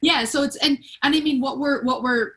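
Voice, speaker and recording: A woman's voice: high voice, fairly even intonation, brisk, fairly bright tone, rough recording. A woman hosting a podcast, chatting casually and thinking aloud, with many fillers and restarts. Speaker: podcast host. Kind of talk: casual conversational chat.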